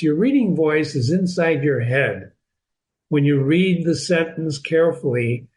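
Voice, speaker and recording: A man's voice: a little high, poor audio. A man hosting a reading lesson who explains a novel step by step, repeating and restarting words as he stresses key points. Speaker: literature teacher and channel host.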